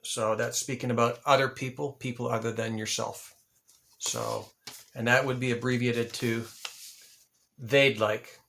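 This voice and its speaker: A man hosting an English lesson, slowly repeating example phrases and spelling words out. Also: mid-range voice, fairly even intonation, gravelly, fairly bright tone, slight background noise. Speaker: ESL teacher and channel host. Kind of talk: slow, deliberate English lesson.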